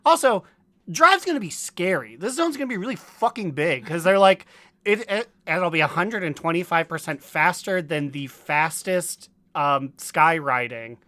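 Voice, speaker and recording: Dry, animated podcast co-host. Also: male voice, fairly high pitch, normal speed, no echo. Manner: animated, acts out quoted characters. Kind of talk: casual gaming chat.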